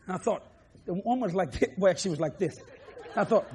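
A preacher from New Orleans with a Cajun accent, who shouts emphatic lines and drops low to chuckle through his stories. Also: lively intonation, fairly quick, slight background noise. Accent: Cajun, Louisiana. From New Orleans, Louisiana. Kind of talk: sermon with humorous storytelling.

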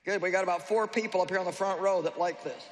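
A woman's voice: lowish voice, fast, a faint crowd. A woman preacher speaks to a live congregation in a loose, conversational way, teasing her listeners with wry humor. Her voice carries a long reverb from a large hall, with a faint hiss of background noise behind it. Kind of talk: sermon.

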